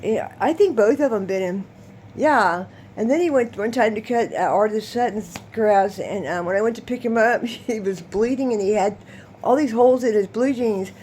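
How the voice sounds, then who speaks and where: A woman's voice: a little high, moderate pace, a little hiss or hum. Chatty woman telling a rambling story. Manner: rambling, animated, laughs often. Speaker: vlogger. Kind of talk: casual storytelling to camera.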